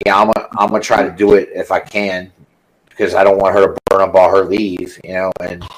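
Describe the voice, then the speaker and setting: A man's voice: deep voice, flat delivery, a little fast, rough recording. A man chatting casually with friends, laid-back, swearing and calling people "dude". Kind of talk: casual chat among friends.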